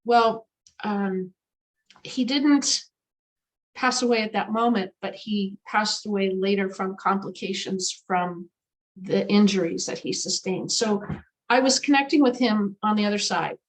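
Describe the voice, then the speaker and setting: A woman, a guest animal communicator, telling a story in an interview in an emphatic, lively way with many fillers. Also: medium pitch, unhurried, poor audio.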